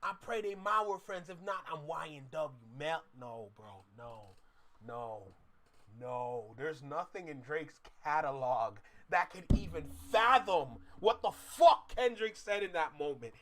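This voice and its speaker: A man hosting a reaction channel, reacting casually and swinging between loud outbursts and low muttering. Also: animated, measured pace, slight background noise.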